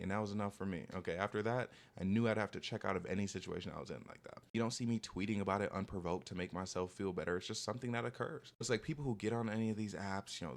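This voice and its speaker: A young man giving dating advice in a casual monologue, talking fast with lots of "like" and "okay?", and mocking people in put-on voices when he quotes them. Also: on the low side.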